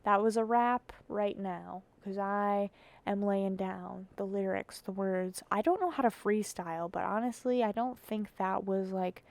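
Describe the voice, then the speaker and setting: A woman's voice: mid-range voice, measured pace, vocal fry, a little mellow, no echo. A sleepy woman vlogging casually about her keyboard, rambling and giggly, poking fun at herself. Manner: rambling, giggly, self-mocking.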